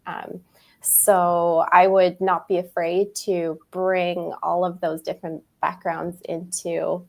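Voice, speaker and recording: Woman panelist on a call, kinda low and gravelly, careful hesitant advice. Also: flat delivery, slow. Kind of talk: conversational advice.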